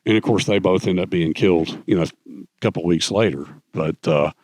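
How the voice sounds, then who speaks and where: An older man with a low voice talks as a guest in an on-stage chat. He tells stories at length, full of fillers and restarts, and the sound is dry and close. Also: moderate pace, a little mellow, dry recording. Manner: rambling storyteller with many fillers. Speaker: guest author. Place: conference stage.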